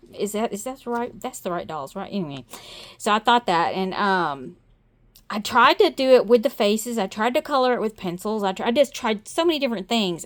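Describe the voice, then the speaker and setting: A woman hosting a casual crafting video, chatting bubbly and self-deprecating as she shows products at her desk at night. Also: on the high side. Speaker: crafting channel host.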